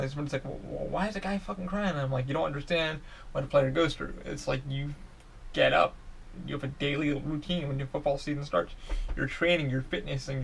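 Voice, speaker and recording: Gravelly-voiced man rambling casually. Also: fairly high pitch. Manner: profane, excitable, rambling with restarts. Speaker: podcast host.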